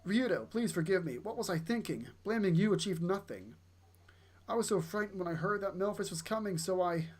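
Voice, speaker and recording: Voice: medium pitch, animated, fairly quick, lightly acted. A player reading aloud for a remorseful young woman who keeps apologizing. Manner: pleading, apologetic.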